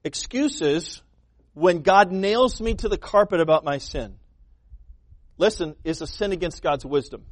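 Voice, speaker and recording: High-voiced emphatic male preacher. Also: expressive, unhurried, no room sound. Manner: emphatic preaching, acts out quoted voices, repeats words. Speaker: pastor. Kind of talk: sermon.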